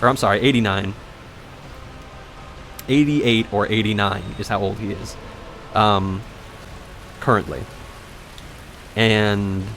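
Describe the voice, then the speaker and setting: A man's voice: medium pitch, a little hiss or hum. A young man in casual commentary, telling a long personal story over gameplay, rambling and correcting himself as he goes. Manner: rambling, self-correcting, animated when indignant. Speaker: let's play commentator.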